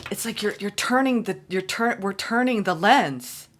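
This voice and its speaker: A woman giving a solo tarot reading, excitable and gushing, repeating phrases for emphasis. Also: medium pitch, normal speed. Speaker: tarot reader.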